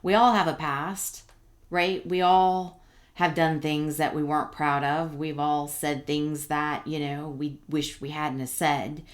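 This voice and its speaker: A woman's voice: deep voice, little pitch movement, unhurried. A middle-aged woman giving a casual tarot reading, rambling and reassuring with many fillers and restarts. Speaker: tarot reader.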